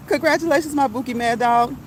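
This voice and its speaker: A woman's voice: high-pitched, normal speed, slight background noise. A woman hosting a casual live stream, chatting, laughing often and reading out viewers' comments.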